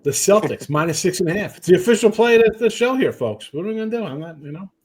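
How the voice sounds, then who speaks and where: A man's voice: high voice, expressive, fast talker, a little mellow, husky. A man with a New Jersey accent hosting a sports betting show, joking and ranting in casual chat.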